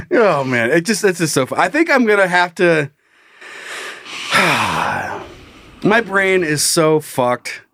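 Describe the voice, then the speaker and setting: A man's voice: high-pitched, sing-song, a little slow, fairly bright tone, no room sound. A young man co-hosting a crude comedy podcast, swearing freely, giggling, and breaking into silly voices. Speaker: podcast co-host.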